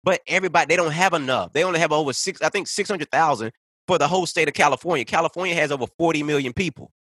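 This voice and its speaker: A man's voice: on the high side, rapid-fire, fairly bright tone, dry recording. A man ranting in casual conversation, heated and profane, piling up point after point. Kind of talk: casual podcast rant.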